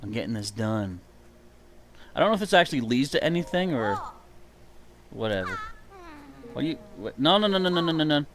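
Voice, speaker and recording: A man's voice: medium pitch, very animated, fairly quick, long pauses, noisy background. A man streaming a game live, joking and mock-outraged at it as he plays. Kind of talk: casual live gaming commentary.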